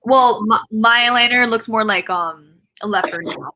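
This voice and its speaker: A woman's voice: a little high, moderate pace, background noise. A woman chatting casually as a guest on a live makeup stream over a video call, giggling often and trailing off mid-sentence. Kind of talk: casual chat.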